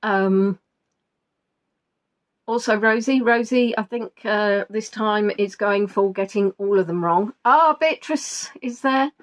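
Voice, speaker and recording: A woman's voice: mid-range voice, slow pace. A woman hosting a live quiz, chatting casually and rambling with self-deprecating asides. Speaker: quiz host. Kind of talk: casual live-stream chat.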